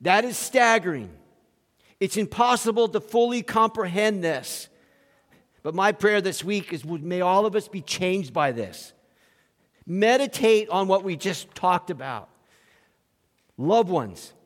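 A male pastor preaching an animated sermon, acting out quoted voices and chuckling between points. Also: high voice, a little slow. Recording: long hall reverb.

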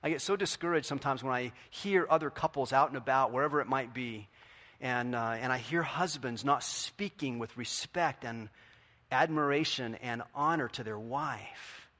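A middle-aged man preaching a sermon in a conversational way, asking the congregation questions and swinging from quiet to loud. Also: mid-range voice, moderate pace. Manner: conversational, asks the audience questions. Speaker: pastor.

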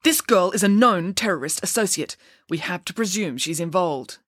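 A stern investigator speaks in clipped, officious sentences. A woman voices him lightly, close to her own voice, as she reads the story aloud. Lively rises sharpen his demands. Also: fairly low pitch, normal speed, dry recording. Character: stern male police investigator, curt and officious.

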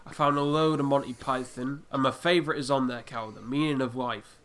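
A man's voice: mid-range voice, steady tone, fairly quick, crowd noise. Chatty podcast host, man. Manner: chatty, lots of fillers like "there". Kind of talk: casual podcast chat.

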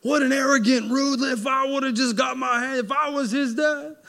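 A man's voice: very high voice, fairly even intonation, normal speed, vocal fry, pushed and bright, pitched above the performer's own voice, heavily acted. A man voicing a scandalized listener who gasps and exclaims in outrage. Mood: indignant. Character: scandalized male listener, indignant and shocked.

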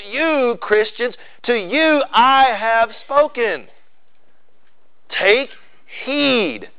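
A man preaching a sermon with emphatic delivery, swinging into loud, high bursts on key phrases. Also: dull audio. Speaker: pastor.

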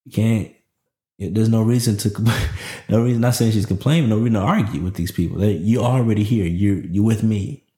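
A man in his thirties hosting a motivational podcast, talking in a lively, preachy way full of slang. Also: on the low side, brisk, echoey room. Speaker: podcast host.

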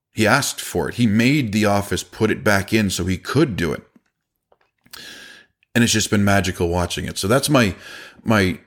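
A middle-aged man, a business owner, talking bluntly in a casual podcast monologue, swearing now and then and acting out what others said. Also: on the low side. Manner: blunt, conversational, swears casually, acts out quoted voices.

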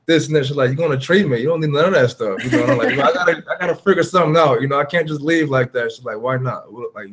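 A man speaking at an ordinary mid pitch, telling his own story as a podcast guest. His talk is earnest and open, loose and conversational, full of fillers. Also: rapid-fire, hardly any pauses. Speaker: podcast guest, former pro football player. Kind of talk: candid personal storytelling in a conversation.

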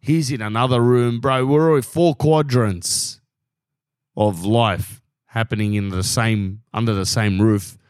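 A man's voice: medium pitch, steady tone, a little slow, a little mellow, smooth, no echo. Australian man, 30s, solo podcast host; loose, joking ramble, dry close recording. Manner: rambling, jokey, keeps saying "bro". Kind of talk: casual solo podcast monologue.

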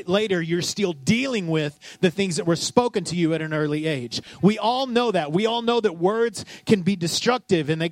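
A pastor with a high voice preaches a sermon in a conversational, joking way, asking the congregation questions and acting out scripture scenes in different voices. The recording is dry.

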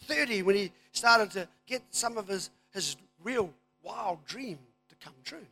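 Kiwi guy preaching, really high voice, bright and forceful, goes from quiet asides to loud declarations. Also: expressive, measured pace, creaky, soft background music. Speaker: pastor. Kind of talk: sermon.

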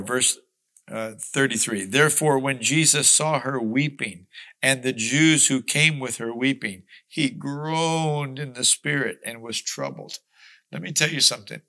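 Guy reading the bible out loud and explaining as he goes, earnest, bright punchy voice. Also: medium pitch, low-quality recording. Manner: earnest, reads scripture aloud then explains it conversationally. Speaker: Bible teacher.

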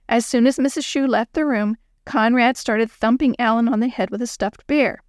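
A woman narrating a children's story in a clear, expressive reading. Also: fairly high pitch, moderate pace, hardly any pauses, no echo, studio quality.

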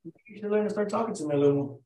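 A young man with a hoarse voice in casual chat, blunt and swearing. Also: high-pitched, very fast, mellow, reverberant, a little hiss or hum, low-quality recording. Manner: blunt, swears, rough-edged.

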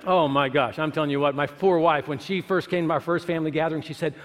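A man with a high, ringing voice speaks in a sermon-like way. He asks the listeners rhetorical questions and repeats lines for emphasis. A long reverb trails his voice through the large hall. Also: fairly quick. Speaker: speaker at a church or university gathering. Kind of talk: sermon-like talk.

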